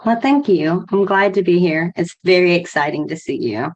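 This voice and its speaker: A woman's voice: on the low side, normal speed, a little mellow, muffled recording. Emotional woman sharing her story. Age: middle-aged. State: emotional, close to tears. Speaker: podcast guest, former 911 operator. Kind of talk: personal account on a podcast.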